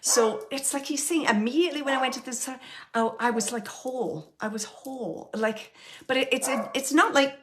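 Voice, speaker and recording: A woman hosting a show and giving a live mediumship reading, speaking earnestly in halting phrases with many fillers and restarts, often checking in with the person she reads for. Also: sits high, noisy background.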